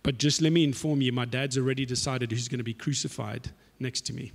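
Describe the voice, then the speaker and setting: A man voicing a calm, patient male teacher who speaks plainly and firmly. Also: medium pitch, fairly quick, gravelly. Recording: echoey hall reverb.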